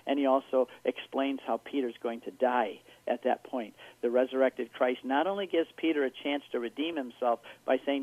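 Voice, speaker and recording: A man giving an animated, storytelling-style account as a guest on a radio interview, heard over a phone line. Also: medium pitch, moderate pace, few pauses. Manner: animated storytelling, acting out characters.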